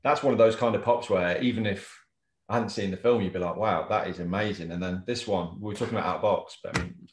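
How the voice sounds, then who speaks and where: Co-hosting a collectors' chat show on a casual video call, this English man is talkative, quick to laugh, and prone to restarting. His voice is on the low side and steady, delivered at a quick pace in a reverberant space.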